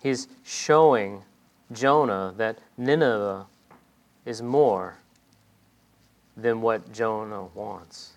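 A man's voice: fairly low pitch, very slow, pauses often. Man preaching a dramatic sermon. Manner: dramatic, voices quoted speech with rising intensity.

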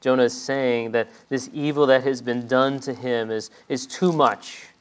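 A man's voice: medium pitch, steady tone, a little slow, hardly any pauses, smooth. Man preaching a dramatic sermon. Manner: dramatic, voices quoted speech with rising intensity.

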